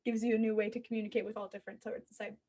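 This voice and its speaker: Brief: young woman podcast host, bright-pitched, chatty and giggly. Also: level tone, racing. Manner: laughs often, chatty and musing. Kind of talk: casual chat.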